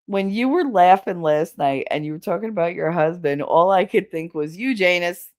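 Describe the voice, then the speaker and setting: A woman's voice: on the low side, normal speed, darkish tone. A woman hosting a casual livestream, chatting with her viewers, laughing often and swearing casually. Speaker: livestream host.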